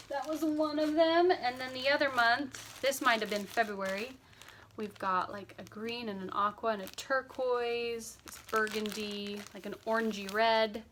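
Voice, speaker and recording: A woman's voice: on the high side, a bit bright, slight background noise. A woman in her thirties chatting casually at home about her cross stitch projects, upbeat and sleepy. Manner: chatty, upbeat, lots of fillers. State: sleepy, yawning. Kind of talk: casual chat.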